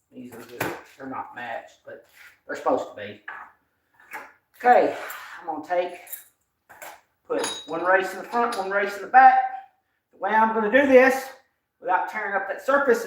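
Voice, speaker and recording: Folksy man in an echoey garage. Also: high-pitched. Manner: folksy, mutters to himself while working. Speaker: host. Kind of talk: casual live-stream chat while working. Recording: echoey, distant, noisy shop.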